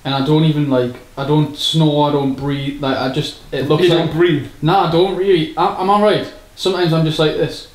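A man's voice: fairly high pitch, steady tone, brisk, few pauses. Sweary man in an echoey room. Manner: sweary, rambling storyteller with laughs. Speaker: rapper explaining his lyrics. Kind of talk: casual chat.

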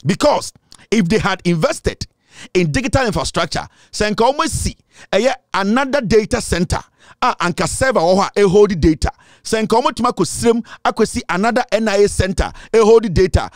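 In a high voice with lively intonation and a moderate pace, a man with a Ghanaian accent hammers out political commentary, repeating himself and mixing English with Twi. The clean studio recording has no room sound.

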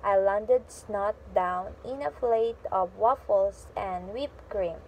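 A woman reading a children's storybook aloud, slowly and expressively, pausing to react to the story. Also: medium pitch, a little mellow, a little hiss or hum, rough recording. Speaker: storybook reader.

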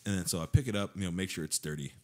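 A man with a very low voice rushes through a story in casual podcast talk. He swears a lot and acts out the lines of people in the story. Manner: swearing, animated storytelling with acted-out quotes. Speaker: podcast guest.

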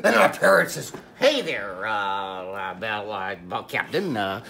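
A woman's voice: extremely low pitch, very animated, unhurried, fairly bright tone, full character voice. A woman voicing a boastful old male pirate captain who spins a rambling, theatrical yarn in a comedy sketch. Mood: excited. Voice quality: gravelly.

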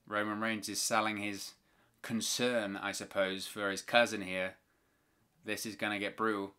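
A man's voice: fairly low pitch, flat delivery, moderate pace, bright, forceful tone, clear, resonant tone. A man hosting a live watch-along, giving play-by-play wrestling commentary with opinionated, exasperated asides.

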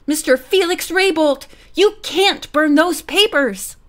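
A woman's voice: very high-pitched, very animated, moderate pace, a bit bright, voice pushed up, exaggerated voice. A woman voicing a brave teenage girl detective who speaks with urgent force.

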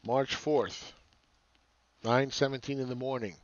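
A man's voice: mid-range voice, normal speed, no room sound, lo-fi sound. A man hosting a market commentary channel, ranting sarcastically with exasperation and repeating phrases for emphasis. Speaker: market analyst host.

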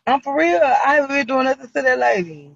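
Man, high voice, husky, exasperated repetitive complaining, casual livestream chat, muffled lo-fi audio. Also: expressive, a little fast, a bit bright, dry recording. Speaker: livestream host.

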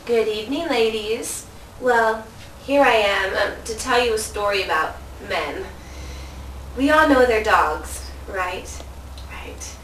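Woman, comedic sales pitch, playful; roomy distant recording with faint hiss. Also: expressive, slow, a bit bright. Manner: playful, mock-sales patter, laughing. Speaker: comedic infomercial presenter.

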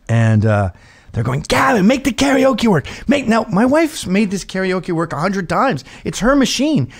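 Middle-aged male host, comic storyteller, high-ish voice that swings widely, laughs a lot. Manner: lively, laughs often, acts out voices of others. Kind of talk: animated comedic storytelling.

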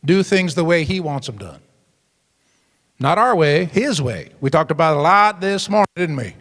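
A man's voice: a little high, expressive, brisk, a bit bright, long reverb tail. A male pastor preaching to a youth group, emphatic, with frequent call-and-response asides. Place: church hall.

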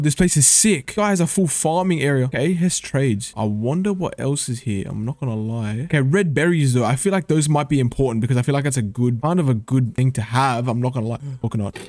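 A young man giving excitable, slangy commentary while playing a survival game, dropping to mumbles and then yelping with surprise. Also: medium pitch, brisk, hardly any pauses, no room sound. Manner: slangy casual chatter. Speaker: gaming YouTuber. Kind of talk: let's play commentary.

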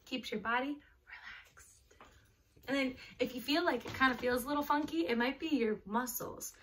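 Bright, high woman leading kids' yoga. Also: normal speed. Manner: encouraging, simple words for children. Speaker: yoga teacher for children. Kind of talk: reading a picture book and leading kids' yoga. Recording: distant mic, faint background noise.

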